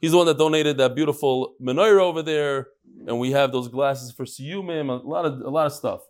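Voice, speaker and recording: A man's voice: medium pitch, fairly quick. A man teaching a live Talmud class, chatty, joking with the room and mixing Hebrew and Yiddish terms into his English. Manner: chatty, jokes and asides to the room.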